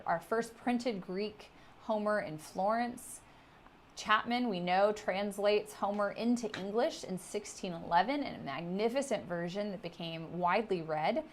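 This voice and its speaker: A middle-aged woman giving a recorded literature lecture, explaining terms with steady emphasis on key words. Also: mid-range voice, slight background noise.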